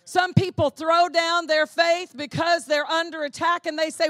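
A woman pastor preaching a sermon with fervent, emphatic, repetitive phrasing that builds to shouting. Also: very high-pitched, flat delivery, normal speed, no room sound, studio quality.

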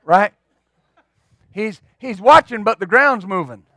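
Man, pastor, middle-aged, high voice, dry close sound, folksy humorous sermon storytelling. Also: slow pace, no echo. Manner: folksy, humorous, animated storyteller who repeats words.

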